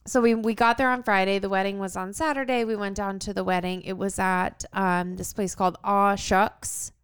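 A woman's voice: mid-range voice, fairly even intonation, normal speed, clean tone. A young adult woman co-hosting a podcast, telling a story in casual chat and acting out her own quotes with animation. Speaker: podcast co-host.

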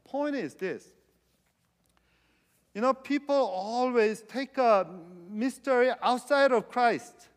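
A man with a high voice preaches a sermon in an easy, conversational way. He strings his points together with frequent "you know" fillers and loose, non-standard grammar. His voice carries a long reverb, as in a large hall. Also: slow pace. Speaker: pastor.

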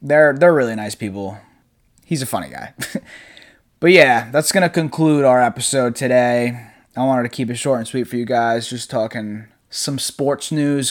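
A young man hosting a casual solo podcast from his apartment, rambling in a loose, laid-back way, swearing freely and laughing often. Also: medium pitch. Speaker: podcast host. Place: apartment room at home.

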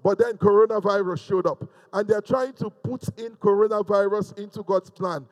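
A male preacher with a notably high voice delivers a sermon straight to the camera. He moves between rousing, emphatic calls to the congregation and soft, hushed asides. His delivery is fervent and dramatic. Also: steady tone, moderate pace. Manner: fervent preaching, swinging from loud exhortation to hushed, intimate asides. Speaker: pastor. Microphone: speaking to a camera.

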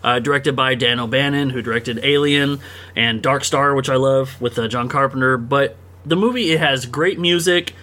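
A man, a returning podcast guest, chatting casually and throwing in quick jokes. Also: medium pitch, bright, forceful tone. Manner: joking, quick quips. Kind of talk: casual chat.

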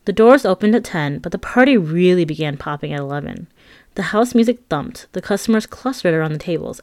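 A woman's voice: fairly low pitch, a little mellow, no room sound, studio quality. A woman reading her own memoir aloud as an audiobook, candid and wry, with frank asides to the listener. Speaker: memoir narrator.

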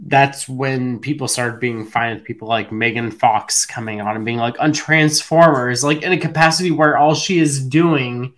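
A young man with a mid-range voice chats easily about celebrities and TV. His sentences trail off into soft filler words as he thinks. The tone is relaxed and unscripted. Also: medium pitch. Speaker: podcast co-host. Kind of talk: casual pop culture chat.

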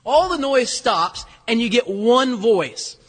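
Animated preacher man in a reverberant hall. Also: very high voice, takes it slowly, husky. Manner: animated, rhetorical questions, voices quoted lines. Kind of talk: sermon.

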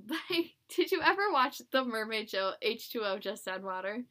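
A young woman co-hosting a podcast in casual chat, chatty and giggly, with quick asides. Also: on the high side, big pitch swings, pushed and bright. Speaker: podcast co-host.

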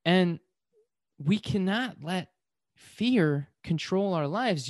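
A man telling a personal story in an animated motivational monologue, with lots of fillers, acting out his own excited screams. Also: high-pitched, extremely slow, pauses often, dry recording, studio quality.

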